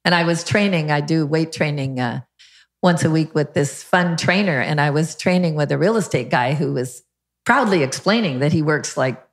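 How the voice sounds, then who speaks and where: A woman's voice: deep voice, moderate pace. An older woman, a podcast guest, telling a story and acting out what others said. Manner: lively storyteller who acts out quotes. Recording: roomy echo.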